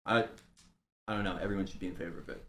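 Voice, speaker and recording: A man joining a casual political chat, talking in an animated, excitable way. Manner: animated, fast, swinging between high and low. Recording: roomy, echoey sound.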